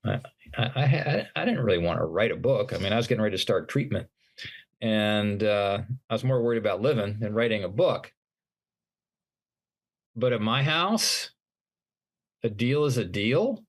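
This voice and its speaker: A middle-aged man speaks with a fairly low voice as an interview guest. He tells his personal story earnestly, stopping and restarting his sentences and acting out the dialogue. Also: lively intonation, moderate pace, long pauses. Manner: earnest, retelling events with acted-out dialogue and frequent restarts. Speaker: podcast guest, motivational speaker.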